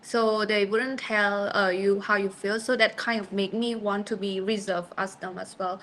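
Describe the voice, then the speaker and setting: A young woman chats in a student discussion and often leans on "like" as she talks. She states her opinions plainly. A faint hum sits behind her, and her pitch is mid-range. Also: fairly even intonation, normal speed, a bit bright, poor audio. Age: young adult. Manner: chatty, frequent "like" fillers, direct opinions. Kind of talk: casual group discussion.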